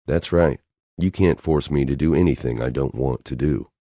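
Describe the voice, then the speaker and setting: A man's voice: a bass voice, normal speed, mellow, dry recording, clean studio sound. A man voicing a volatile, possessive male agent in an audiobook, with a snarling, explosive way of talking. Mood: defiant.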